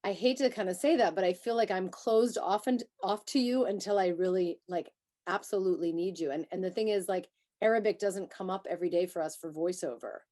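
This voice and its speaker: Lively candid woman panelist. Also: fairly low pitch, brisk. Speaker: translation agency panelist. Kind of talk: panel discussion answer.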